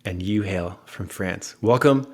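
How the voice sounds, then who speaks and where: A man's voice: sits low, measured pace. Upbeat American man hosting a podcast. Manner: upbeat, energetic, joking. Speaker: podcast host. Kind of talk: casual podcast chat.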